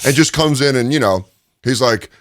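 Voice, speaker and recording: Animated, laughing male comedian. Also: medium pitch, moderate pace, no room sound. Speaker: stand-up comedian and guest. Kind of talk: casual storytelling interview. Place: recording studio.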